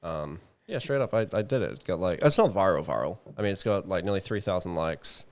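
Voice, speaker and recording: A man's voice: low voice, animated, fast. A young man co-hosting a podcast, chatty and laughing often as he tells stories and swears freely. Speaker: podcast co-host. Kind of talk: casual chat.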